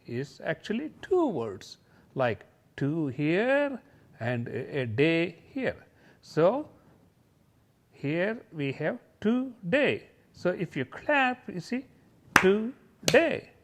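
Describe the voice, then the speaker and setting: Guy teaching little kids off slides, slow and patient, voice goes up and down a lot, kinda high. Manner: slow, patient, sing-song explaining. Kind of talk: slideshow lesson for young children.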